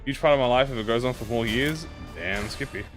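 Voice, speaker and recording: A man's voice: mid-range voice, a little fast. A young man streaming a video game, chatting casually with his viewers in a rambling, self-mocking way. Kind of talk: casual gameplay commentary to chat. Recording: game music behind voice. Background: game music.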